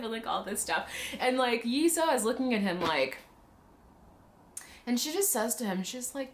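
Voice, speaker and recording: A woman doing a casual drama recap for her channel, her voice swinging up and down with animated energy. She talks in a loose, conversational run, scattering "like" through her sentences and laughing as she goes. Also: a little high, normal speed. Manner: animated storyteller, heavy use of "like", laughs often.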